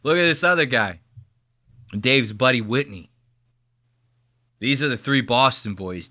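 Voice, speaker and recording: A man's voice: medium pitch, lively intonation, moderate pace, bright, forceful tone, no echo, clean studio sound. A man in his thirties from New Jersey, casually ranting and cursing in sarcastic reaction commentary. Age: 30s. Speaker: commentary host.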